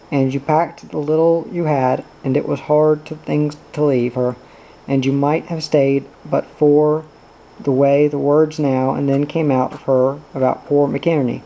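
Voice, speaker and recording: A man narrating a novel aloud in a steady, measured reading voice. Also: on the high side, creaky, poor audio.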